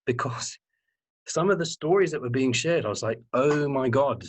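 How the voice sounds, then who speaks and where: A man being interviewed as a guest, telling his personal story in an animated, candid way and swearing freely. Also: medium pitch, normal speed, slightly rough. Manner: animated, earnest, swears freely and repeats words for emphasis.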